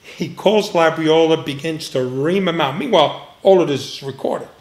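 An older man, a retired agent, sitting for a relaxed interview. He spins long stories with a slightly raised pitch, slipping into the voices of people he quotes. Laughter breaks into the telling often. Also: moderate pace. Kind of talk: casual storytelling interview.

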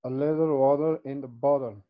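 A man's voice: mid-range voice, steady tone, normal speed. Hesitant male student on a muffled call. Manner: hesitant, repeating phrases. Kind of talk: practising pronunciation in class.

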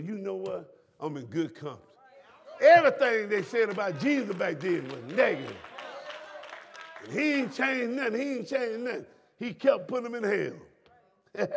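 A man preaching a sermon as pastor, repeating lines and breaking into shouts at the congregation. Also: high voice, husky. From Southern United States.

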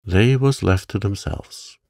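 A gruff old gardener grumbles in short, slow phrases, as a man reads him. His voice sits very deep and gravelly, and it sounds dry and close. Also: darkish tone, no room sound. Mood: grudging. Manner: grumbling, curt, dialect speech.

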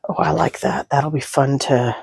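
A woman's voice: rumbling low, fairly even intonation, moderate pace, vocal fry, darkish tone, breathy edge, dry recording. A woman with a Southern US accent hosting a crafting video, chatting casually and mumbling asides to herself as she works. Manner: chatty, talks to herself while working, some mumbled asides. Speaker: crafting channel host.

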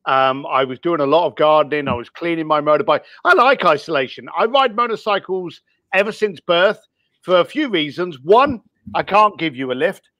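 A man's voice: on the high side, lively intonation, moderate pace, fairly bright tone, no room sound, dull audio. A middle-aged man from East London with a mixed, worn-down East London accent, speaking candidly as a podcast guest, blunt and peppered with ums and the odd swear word. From East London, England. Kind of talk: casual podcast interview.

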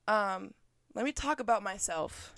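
A young woman hosts her first podcast episode at home, talking off the cuff in a loose, rambling way. She swears casually and makes self-deprecating jokes, her voice sitting at an ordinary middle pitch. The sound is dry and close, caught on a cheap microphone with no room echo. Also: lively intonation, a little slow, vocal fry, fairly bright tone. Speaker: podcast host. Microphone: cheap USB microphone.

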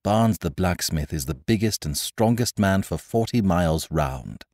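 A man voicing a grave, pious clergyman who speaks quietly and sternly. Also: deep voice, lively intonation, measured pace, dry recording, clean studio sound, heavily acted.

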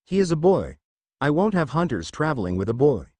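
A proud young huntress speaks in stiff, formal sentences, put on by a male reader. Her tone stays cold and dismissive. The sound is close and dry, with some lift in pitch. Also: big pitch swings, a little fast, a little mellow, dry recording. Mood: stern.

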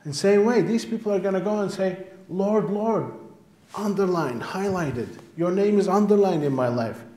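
Emphatic preacher in an echoey church. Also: male voice, high-pitched, normal speed, mellow. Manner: emphatic preaching, repeats phrases for stress. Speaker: pastor. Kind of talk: sermon. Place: church sanctuary.

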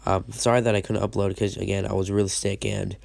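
A man's voice: lowish voice, flat delivery, fast, creaky, a little mellow, no room sound. A man with a sick voice giving casual, rambling game commentary, often stopping to restart his sentences. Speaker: gaming channel host.

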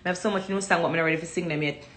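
A woman's voice: lowish voice, fairly even intonation, rapid-fire, a bit bright, echoey room, a little hiss or hum. A Jamaican woman hosting a casual livestream chat, talking freely and slipping into patois. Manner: chatty, slips into patois. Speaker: livestream host.

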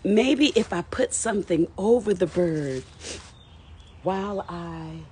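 Tearful woman streaming from her yard, emotional self-talk, voice jumps around, unhurried. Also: lowish voice, lively intonation, warm tone, husky. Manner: emotional, repetitive self-talk, nervous laughs. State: tearful, on the verge of crying. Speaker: live-streaming vlogger. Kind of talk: casual live-stream chat to viewers. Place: outdoors in a yard by the lawn.

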